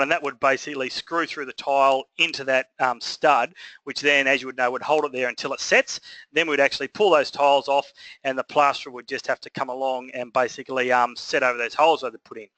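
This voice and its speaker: Man, Australian accent, trades instructor, rambling chat, bright voice, dry close sound. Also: medium pitch, dry recording, low-quality recording. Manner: rambling, conversational, filler-heavy. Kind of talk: casual recorded lesson.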